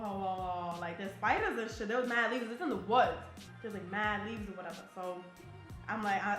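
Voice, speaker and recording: With a bright, forceful, medium-pitched voice, an interviewee who serves in the army shares casual stories from her life. She's a young New Jersey woman, blunt and profane, recorded in an echoey room with faint music.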